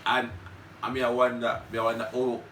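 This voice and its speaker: Animated young Jamaican man, roomy sound. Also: mid-range voice, brisk. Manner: animated storyteller, laughs often, Jamaican Patois. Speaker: guest. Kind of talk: casual chat. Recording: roomy, distant mic, faint noise.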